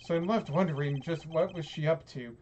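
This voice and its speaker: A man voicing a composed, formal male prosecutor, speaking in a measured, brooding way. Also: on the high side, a little mellow, dull audio, slight background noise, natural voice. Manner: measured, formal inner monologue. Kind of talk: reading game dialogue aloud.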